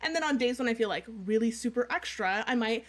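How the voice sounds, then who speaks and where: A woman's voice: fairly high pitch, lively intonation, fast. A woman co-hosting a podcast in casual chat, chatty and laughing often, with lots of fillers. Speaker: podcast co-host. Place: in-person studio recording.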